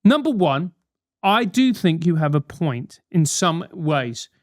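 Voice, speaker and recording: In a comedic advice monologue, a podcast host in his thirties with a London accent responds to listener letters, full of blunt swearing and mock outrage. He speaks slowly and very animatedly in a voice on the high side with a darkish tone. The studio sound is clean, without echo.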